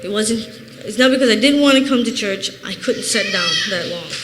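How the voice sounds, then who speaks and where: A woman's voice: on the high side, animated, fairly quick. An earnest woman in her thirties tells her personal testimony in plain, heartfelt words. Her voice rings through a reverberant church hall. A faint background noise sits under the recording. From Chicago, USA. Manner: earnest, plain-spoken storytelling. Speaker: church member giving testimony.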